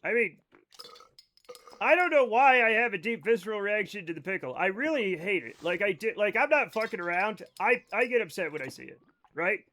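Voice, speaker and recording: Guy streaming a game live, kinda high voice, rambles and cuts himself off a lot, talks straight to chat. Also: animated, a little fast, sharp tone. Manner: rambling, self-interrupting, swears, addresses chat directly. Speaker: livestreamer.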